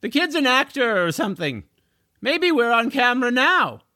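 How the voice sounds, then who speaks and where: Man voicing a grumpy, dismissive old woman shopkeeper in a storybook; high, bright. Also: sing-song, moderate pace, no room sound, studio quality, full character voice.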